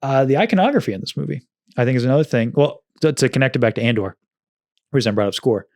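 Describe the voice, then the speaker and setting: A man's voice: medium pitch, expressive, fast, darkish tone, no room sound. Dry-miked man musing on film scores. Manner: thoughtful, careful with facts, qualifies his points. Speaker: podcast co-host. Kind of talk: casual film discussion.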